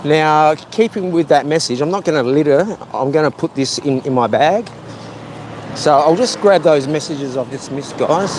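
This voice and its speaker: A man's voice: a little high, a little mellow, a little hiss or hum. Chatty man vlogging on the street. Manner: chatty, rambling, talks to viewers as "guys". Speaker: travel vlogger. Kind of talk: casual walking vlog. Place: outdoors on town streets.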